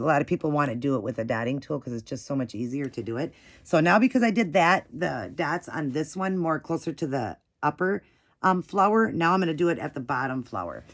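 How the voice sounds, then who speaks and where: A woman hosting a casual nail art tutorial, chatty and gushing as she talks through each step while working. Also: low voice.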